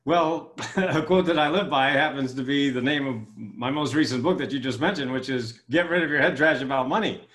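A guest author and keynote speaker tells stories enthusiastically in an animated interview, acting out quoted lines with rising pitch. His voice is brisk with few pauses and a fairly bright tone, recorded in an echoey room.

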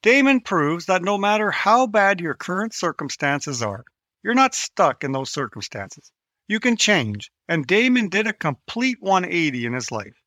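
A man's voice: high voice, very animated, a little slow, bright, forceful tone, dry recording. A man hosting a podcast, giving an enthusiastic, scripted introduction. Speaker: podcast host.

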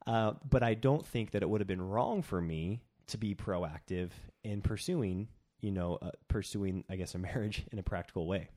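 A young man with a somewhat low voice chats easily as a podcast co-host. He tells stories with animated energy, often stopping to restart a phrase. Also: normal speed. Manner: animated storyteller, many restarts. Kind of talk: casual chat.

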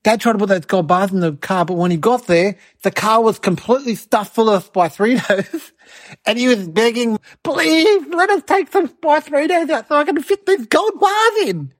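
A woman's voice: on the high side, animated, moderate pace. A woman performing a cheeky little boy in a comedy sketch, telling a rambling story with giggles and mocking impressions of his relatives.

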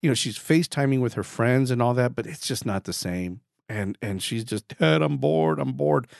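Chatty man host with a raspy throat. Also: medium pitch, brisk, no echo, studio quality. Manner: chatty, repeats words, self-deprecating jokes. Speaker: podcast host. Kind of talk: casual podcast monologue.

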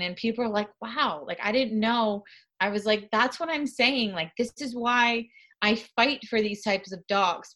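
A woman talking about her dog as an interview guest, speaking earnestly in halting sentences full of fillers and restarts. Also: medium pitch, sharp tone. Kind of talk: casual interview conversation.

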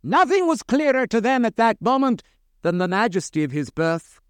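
A man's voice: very high-pitched, sing-song, moderate pace, clear, resonant tone, dry recording, clean studio sound. A male preacher delivering a radio sermon, earnestly pressing rhetorical questions and quoting scripture in old English.

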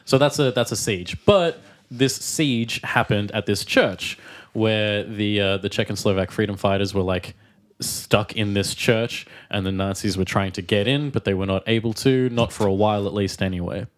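Relaxed, lower-voiced male co-host. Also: moderate pace. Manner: relaxed and dry, explaining things plainly. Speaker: podcast co-host. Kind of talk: casual chat.

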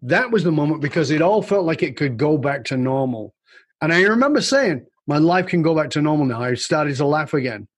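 A man's voice: a little high, expressive, a little fast, breathy edge, no echo. A man guest in an interview, candidly and reflectively telling a personal story with casual swearing.

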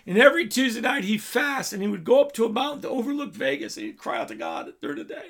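Male preacher, high and gravelly, dynamic sermon delivery. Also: lively intonation, fairly quick, a bit bright. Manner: storytelling preaching, swells and drops in volume.

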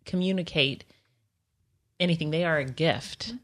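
A woman with a Southern accent co-hosting a casual faith chat, talking in an earnest, reflective, halting way. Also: low-pitched. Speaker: podcast co-host.

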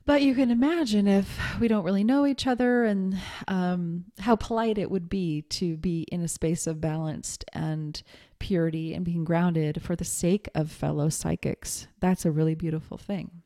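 A woman's voice: fairly low pitch, normal speed, mellow. A middle-aged woman teaching fellow psychics in a loose, conversational way, with frequent fillers and laughs. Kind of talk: casual spoken teaching.

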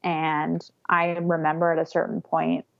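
A woman's voice: deep voice, completely flat delivery, a little slow, creaky, no echo, highs cut off. A young woman casually telling a candid story, often laughing as she talks. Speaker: guest telling her birth story. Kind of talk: casual conversation.

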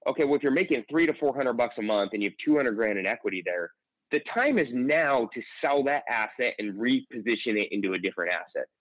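A man's voice: mid-range voice, expressive, quick pace, no room sound, lo-fi sound. A man who invests in real estate, giving confident, chatty advice in an interview with many fillers. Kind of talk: podcast interview answer.

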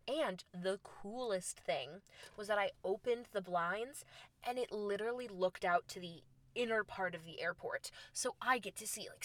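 A young woman telling a travel story in a casual, lively way, acting out the lines she quotes. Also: no room sound. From United States. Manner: animated, acts out quoted lines with big pitch jumps. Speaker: storyteller host.

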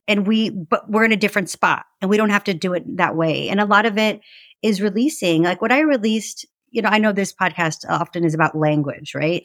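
A woman's voice: mid-range voice, no room sound. Woman guest on a podcast, chatty, lots of likes and right?, mid voice, dry sound. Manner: animated, chatty, heavy use of fillers. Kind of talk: casual conversational interview.

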